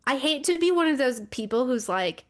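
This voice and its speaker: A woman's voice: high voice, animated, fairly quick. A woman co-hosting a podcast, talking conversationally with fillers and restarts. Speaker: podcast co-host. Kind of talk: casual chat.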